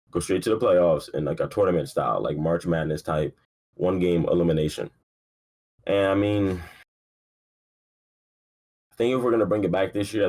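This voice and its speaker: Speaking in a low, slightly mellow voice, a young man hosts a casual sports podcast alone. He yawns and sounds sleepy, rambling in an offhand, laid-back way with free swearing and frequent fillers.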